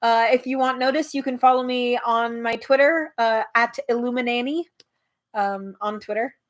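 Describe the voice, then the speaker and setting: A woman's voice: a little high, moderate pace. Woman reading a storybook aloud, a little tired. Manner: animated narration, chatty and informal when talking to viewers. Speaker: host reading a book aloud. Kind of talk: live read-aloud storytelling.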